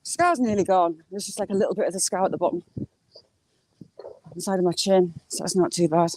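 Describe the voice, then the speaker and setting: Her voice sits on the low side, fairly quick and a little mellow, with slight background noise behind it. She's a middle-aged northern English woman with a mixed Yorkshire, Geordie and Cumbrian accent, casually live-streaming a walk through rural fields, rambling and responding to viewers' comments.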